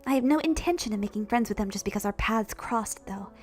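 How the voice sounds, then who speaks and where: Woman doing a weary young woman, low hushed voice, tired manner, soft music behind. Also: expressive, fast talker, natural voice. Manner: low, soft, half-whispered and world-weary.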